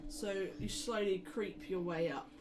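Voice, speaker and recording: A woman narrating a tabletop role-playing game as game master, describing scenes in a relaxed way with plenty of fillers. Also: medium pitch, unhurried, rough recording.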